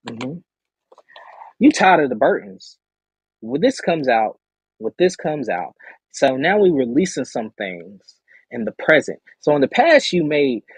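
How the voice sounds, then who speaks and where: A man hosting a live-streamed tarot reading, animated and encouraging, humming and murmuring as he reads the cards. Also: fairly high pitch, breathy edge, no echo. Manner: animated, encouraging, talks straight to the listener. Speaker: tarot reader host.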